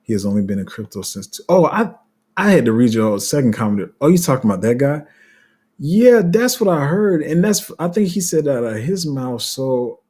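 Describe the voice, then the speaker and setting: Livestream host, male, mellow husky tone, loose rambling delivery. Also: fairly high pitch, very animated, normal speed. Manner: rambling, restarts often, laughs at himself; reads viewer comments aloud. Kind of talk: casual livestream chat reading comments.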